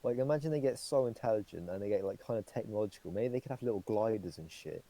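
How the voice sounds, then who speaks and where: A man's voice: fairly low pitch, lively intonation, quick pace, mellow, rough recording. A young man co-hosting a podcast, rambling through casual chat with lots of fillers and swearing. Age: young adult. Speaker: podcast co-host.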